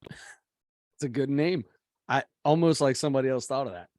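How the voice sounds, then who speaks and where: A man's voice: medium pitch, moderate pace, darkish tone, no echo, clean studio sound. A man chatting casually as co-host, rambling with restarts while telling a story. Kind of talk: casual chat.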